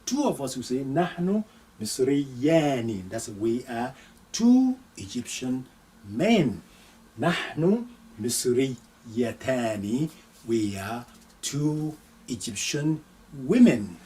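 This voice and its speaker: A male Arabic teacher gives a live lesson, his voice rising and falling in a lively way as he stresses words. He reads slowly and carefully, repeating each phrase and then translating it. He sounds set back from the microphone. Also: medium pitch, recorded from a distance, low-quality recording. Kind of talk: live online language lesson.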